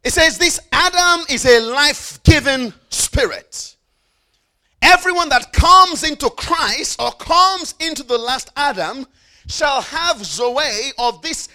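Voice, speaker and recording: A man's voice: very high voice, animated, sharp tone. A man preaching a sermon, emphatic, repeating key phrases and calling on the congregation to repeat after him. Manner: emphatic, repeats phrases with call-and-response prompts; slows down for stressed phrases, rushes through asides.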